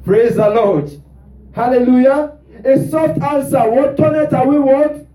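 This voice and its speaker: High-voiced preacher calling to his congregation. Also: a little slow, mellow, distant mic. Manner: call-and-response preaching, rhetorical "what?" prompts. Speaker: pastor. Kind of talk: sermon. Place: church. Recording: roomy church sound from off mic.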